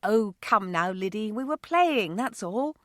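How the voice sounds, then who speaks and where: A woman's voice: medium pitch, expressive, a little slow, no echo, studio quality, close to an everyday voice. A woman voicing a cheerful, playful older woman friend with a breezy manner. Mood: jolly.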